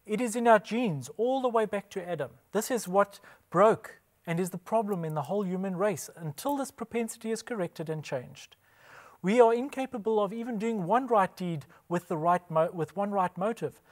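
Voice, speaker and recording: A man's voice: high-pitched, moderate pace. A man giving a scripted religious presentation, emphatic, posing rhetorical questions and answering them himself. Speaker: Bible presenter.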